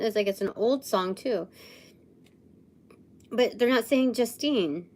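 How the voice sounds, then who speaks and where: Woman host for a live intuitive session: unhurried, hesitant, muses aloud, slips into soft murmurs. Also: a little high, animated. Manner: musing, hesitant, thinking aloud with fillers. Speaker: livestream host.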